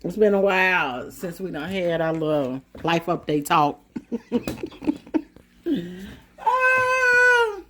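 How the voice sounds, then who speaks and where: A woman's voice: lowish voice, very animated, very slow, long pauses, sharp tone, a little hiss or hum. A woman in her late fifties talking casually to camera as a vlogger, musing and chatty, calling her viewers y'all. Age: 50s.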